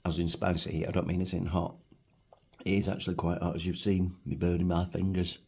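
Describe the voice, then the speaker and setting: A man's voice: low-pitched, little pitch movement, a little fast, creaky, dark tone, slightly rough. A middle-aged man with a Manchester accent, chatting and rambling casually as he reviews food at home for his vlog. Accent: Manchester English. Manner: rambling, chatty, self-deprecating. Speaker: food vlogger. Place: home, at a table.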